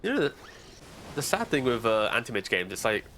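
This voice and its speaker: A man's voice: medium pitch, big pitch swings, brisk, fairly bright tone, a little hiss or hum. A man commentating live esports, giving casual, chatty analysis in a broadcast booth on a headset mic.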